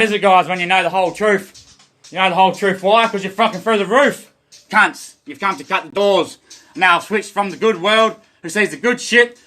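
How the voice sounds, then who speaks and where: A man's voice: sits high, bright, forceful tone. An Australian man livestreaming a rambling, profane, stream-of-consciousness monologue.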